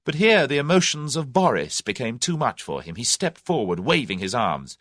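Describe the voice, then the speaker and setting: A man narrating an audiobook in an expressive, dramatic reading style. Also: medium pitch, moderate pace, hardly any pauses, dry recording, clean studio sound. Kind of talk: scripted narration.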